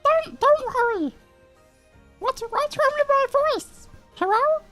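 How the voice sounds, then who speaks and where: Squeaky Elmo voice. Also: male voice, animated, pushed and bright, soft background music, heavily acted. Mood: eager. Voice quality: squeaky falsetto. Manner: slow, sing-song, childlike. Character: squeaky cheerful furry red puppet monster.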